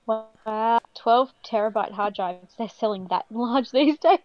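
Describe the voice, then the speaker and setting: A woman's voice: a little high, a little slow, no echo. Giggly woman on a slightly dull line. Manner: giggly, chatty. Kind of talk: casual chat.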